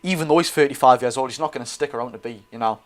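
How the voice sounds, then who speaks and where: A young man with a Geordie accent hosting a live football watch-along, chatty and excitable, reading viewer comments aloud. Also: medium pitch, racing. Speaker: streamer and host.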